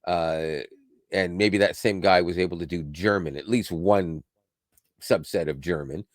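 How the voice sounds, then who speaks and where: A man's voice: low-pitched, measured pace, no echo, clean studio sound. A man co-hosting a podcast, chatting casually about tech, rambling and correcting himself as he goes and laughing often. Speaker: podcast co-host.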